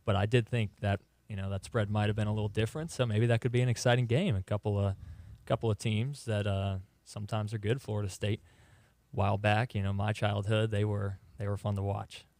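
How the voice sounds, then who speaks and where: A young man co-hosting a sports talk radio show, giving relaxed, matter-of-fact opinions. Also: lowish voice, fairly quick, dry recording.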